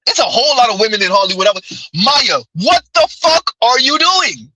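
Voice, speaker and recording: A man's voice: very high voice, sing-song, fairly quick, bright, forceful tone, husky, no echo, rough recording. A man hosting a podcast, ranting in casual commentary, profane and exasperated. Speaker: podcast host.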